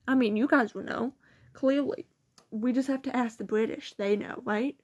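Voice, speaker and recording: A woman's voice: high voice, a little slow, pauses often, a little mellow. A teenage girl, rambling in casual chat about school and quoting people while she giggles. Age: teens. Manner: rambling, giggly, quotes people in mocking voices. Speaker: student vlogger.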